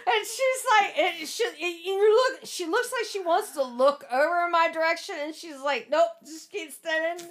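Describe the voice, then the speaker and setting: A woman chatting casually as a co-host, telling a story with animated laughter and acted-out reactions. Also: very high voice, normal speed, few pauses. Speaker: podcast co-host discussing audiobooks. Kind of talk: casual chat.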